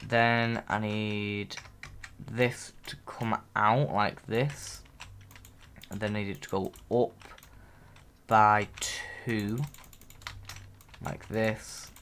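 A man's voice: on the low side, a bit bright, a little hiss or hum. A man hosting a gaming video, casually talking through his build and getting flustered as time runs out. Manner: chatty, narrates his own moves, gets flustered under time pressure. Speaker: channel host. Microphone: desk mic.

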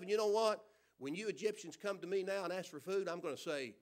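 High-voiced preaching man. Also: fast talker. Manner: preaching with questions to the congregation and sudden loud emphasis. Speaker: pastor. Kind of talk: sermon. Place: church service.

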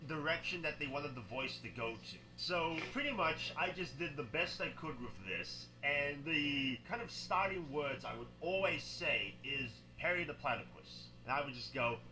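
A man's voice: fairly high pitch, lively intonation, moderate pace, hardly any pauses, over music, low-quality recording. A man voice actor narrating a chatty, self-deprecating behind-the-scenes recap. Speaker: voice actor and animator.

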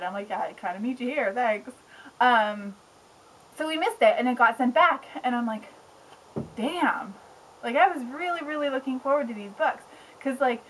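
A young woman book blogger chatting casually on camera at home, excitable and rambling, with lots of "like". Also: on the high side, a little hiss or hum, low-quality recording. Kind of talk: casual vlog chat. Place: home with pets around.

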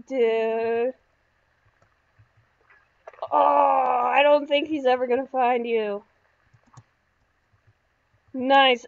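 A high-pitched woman chats her way through a video game in an unhurried, casual way, breaking into excitable yelps and shrieks when startled. The recording sounds slightly dull and lo-fi. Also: gravelly. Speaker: gaming YouTuber. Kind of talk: casual gameplay commentary.

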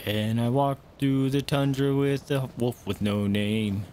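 This time the streamer talks slowly in a mid-range voice, with slight background noise. Even so, he stays excitable, chatting with viewers and yelping and swearing at the video game in casual play-by-play.

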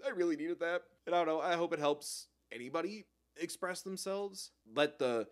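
A man's voice: fairly high pitch, normal speed. Emotional, swearing young man reacting. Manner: emotional, swears often, laughs between words. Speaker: reaction video host. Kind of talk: casual reaction commentary.

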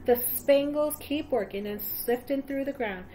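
A woman reading aloud, voicing a good-humored old male gold miner with a rough, folksy frontier drawl. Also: high-pitched, a little slow, mellow, slight background noise, pitched above the performer's own voice.

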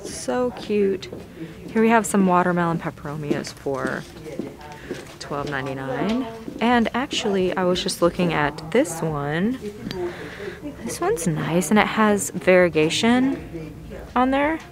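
A woman's voice: on the low side, takes it slowly, a crowd in the background. Gushing woman browsing a plant nursery. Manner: gushing, excitable, narrating as she browses. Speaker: plant vlogger. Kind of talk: casual shopping vlog narration.

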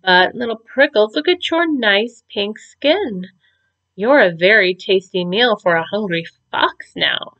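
Woman doing a fretful owl teacher for a storybook, soft and motherly, dull lo-fi sound. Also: medium pitch, animated, a little slow. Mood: worried. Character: worried kind female owl schoolteacher. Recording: dull lo-fi recording.

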